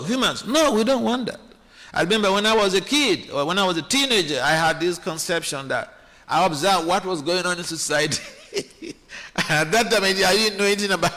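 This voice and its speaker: A man giving a sermon-style class in a temple hall, animated and acting out quoted voices, halting often with restarts. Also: sits high. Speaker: speaker giving a scripture class.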